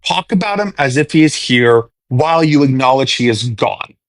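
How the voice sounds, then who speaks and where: A man's voice: mid-range voice, animated, moderate pace. A man in his twenties chatting casually to his followers, rambling, drifting off on tangents and restarting sentences. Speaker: social media personality answering followers. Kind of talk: casual chat straight to followers.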